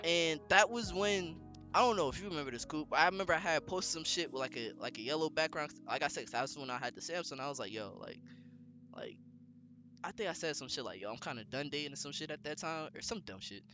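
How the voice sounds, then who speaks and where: A young man casually telling a story on a podcast, slangy and animated, with lots of fillers. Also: a little high, fast talker, music in the background. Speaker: podcast co-host.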